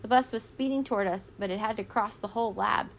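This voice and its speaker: A woman reading a children's storybook aloud in a steady, expressive way. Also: medium pitch, fast, slight background noise. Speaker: reader.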